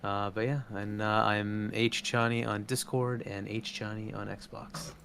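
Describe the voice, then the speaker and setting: A man as a podcast guest, giving short, low-key replies in casual chat. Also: little pitch movement, unhurried, gravelly, fairly bright tone, slight background noise.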